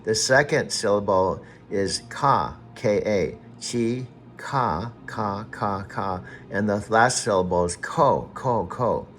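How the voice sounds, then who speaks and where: Man, low voice, casual chat, drawn-out syllable breakdowns, audibly frustrated. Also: animated, a bit bright, slight background noise. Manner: slow, patient syllable-by-syllable spelling, growing exasperated. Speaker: user talking to an AI assistant.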